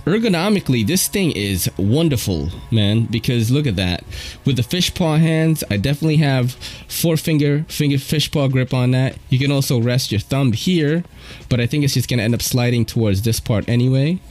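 A man hosting his channel, chatting casually and excitedly in slang while unboxing at home. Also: medium pitch, moderate pace. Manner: slangy, excitable, loud exclamations. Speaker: channel host reviewing knives. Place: at home at a table.

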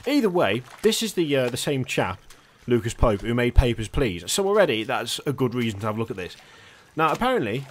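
Male gaming host, casual rambling commentary, animated delivery, noisy background. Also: medium pitch, a little fast, hardly any pauses. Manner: chatty, rambling, jokey asides.

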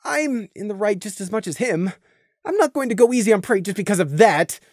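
A reader voicing Scenic, a competitive young male thestral pony, softly thinking out loud in a fan audiobook. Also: medium pitch, animated, a little fast, no room sound, clean studio sound, pitched above the performer's own voice, natural voice. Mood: determined. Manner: muttering inner thoughts, soft.

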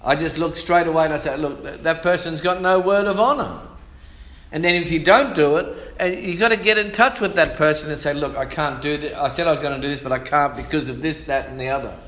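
Male pastor, high voice, lively sermon delivery, echoey church hall. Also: a little fast. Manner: lively preaching, calls for amens, reads scripture aloud.

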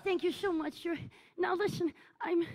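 A woman's voice: extremely high pitch, fairly even intonation, moderate pace, a crowd in the background. A woman playing a needy, self-obsessed aging female cabaret diva, gushing and melodramatic as she teases the audience from a theatre stage. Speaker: cabaret performer. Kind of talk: live stage character comedy.

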